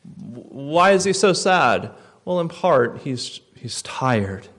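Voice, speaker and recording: A man preaching a sermon, earnest, rising to loud emphasis and dropping to quiet, reflective lines. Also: mid-range voice, big pitch swings, slow.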